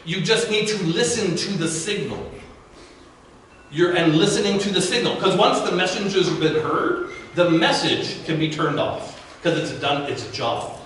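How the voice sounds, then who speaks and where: A man speaks in a fairly high voice to a business audience at an event, in a loose, conversational way, often restarting and repeating words. He sounds distant from the microphone. The room is very echoey, with faint background noise. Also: lively intonation, a little slow, a bit bright. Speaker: guest speaker. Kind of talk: live talk to a business audience.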